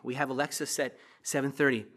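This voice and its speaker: A middle-aged man preaching a sermon as a pastor in a church, passionate, with loud emphatic bursts and quiet asides. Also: medium pitch, level tone, quick pace.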